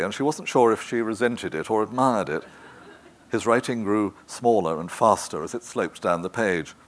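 A man narrating a literary novel in a measured, even manner. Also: on the low side. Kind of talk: scripted audiobook narration.

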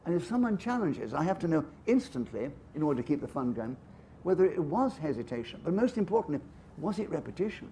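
Older english guy, posh accent, kinda high voice, chatty storyteller on stage. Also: big pitch swings, quick pace, mellow, slight background noise. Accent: English upper-class. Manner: chatty and self-amused, with frequent restarts and asides. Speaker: guest author. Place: festival stage.

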